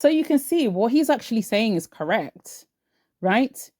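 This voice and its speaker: A woman's voice: a little high, very animated, measured pace, noisy background. A woman hosting her channel, chatting casually and emphatically as she sets up a clip. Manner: chatty, emphatic, repeats herself. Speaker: channel host. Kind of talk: casual commentary.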